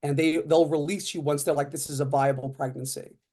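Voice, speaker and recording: Guy in his 30s, kinda high mellow voice, chatty storytelling, lots of "uh" and "like". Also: a little fast. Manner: animated, acts out quoted dialogue; frequent fillers like "uh" and "like". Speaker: podcast guest, lawyer. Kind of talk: casual storytelling.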